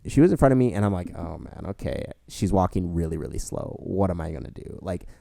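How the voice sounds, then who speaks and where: A man's voice: sits low, big pitch swings, fast, creaky, dark tone, no echo. A young man co-hosting a podcast, telling stories in a rambling casual way with many fillers. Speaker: podcast co-host. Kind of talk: casual storytelling chat.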